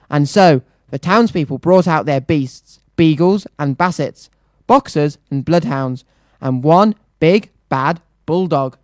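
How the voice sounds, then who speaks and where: A children's radio presenter reading a storybook aloud with a lively, rhythmic swing. The voice sits in a middle pitch. The sound is close and dry, with no room echo. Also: takes it slowly. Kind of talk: reading a picture book aloud.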